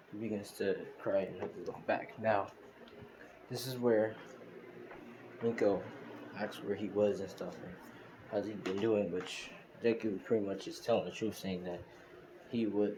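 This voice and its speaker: A man with a low voice talks his way through a fan story, rambling and leaning on fillers. The home screen recording carries a clear hiss. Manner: rambling, full of fillers like "you know" and "pretty much". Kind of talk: casual spoken fan story.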